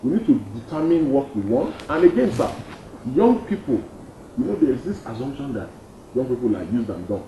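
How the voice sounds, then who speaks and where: A young adult man with a Nigerian accent speaks briskly as an activist guest, answering interview questions emphatically and repeating his points with lively swings in pitch. The studio sound is dull and roomy, with faint noise.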